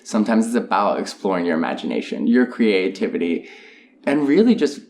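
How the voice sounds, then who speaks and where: A man's voice: fairly low pitch, big pitch swings, brisk, gravelly, a little mellow, a little hiss or hum. A young adult man co-hosting a casual podcast chat, earnest and enthusiastic, with many "um" and "you know" fillers. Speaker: podcast co-host.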